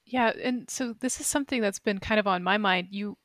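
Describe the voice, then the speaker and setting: A woman's voice: mid-range voice, fairly quick, a bit bright, no room sound. A woman podcast host asking questions in a thoughtful, slightly hesitant conversational way. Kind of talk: casual interview questions.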